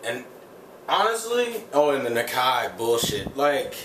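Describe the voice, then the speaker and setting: Swearing freely, a guy vents about an episode in a loose, rambling review peppered with "like." He speaks at a measured pace in a medium pitch that swings widely up and down. The sound is roomy, caught from a distant microphone, with a faint hum of the room behind him.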